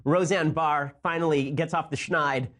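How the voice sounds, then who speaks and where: A man hosting a political talk podcast, speaking in a rapid-fire, sarcastic, mocking way. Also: a little high, steady tone, fairly bright tone. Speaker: podcast host.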